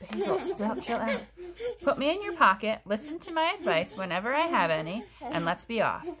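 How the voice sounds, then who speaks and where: A woman reading aloud and voicing a calm, wise little doll who speaks in a soothing, reassuring way. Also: on the high side, normal speed, crowd noise.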